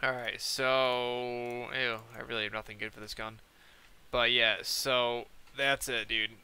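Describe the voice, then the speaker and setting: A man's voice: mid-range voice, level tone, measured pace, bright, forceful tone, clear, resonant tone. A young man chatting casually over his gameplay, telling stories in heavy slang with lots of swearing and acting out the people he quotes. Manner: profane, slangy, heavy "like" and "dude"; acts out quoted people in changed voices. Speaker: gameplay commentator.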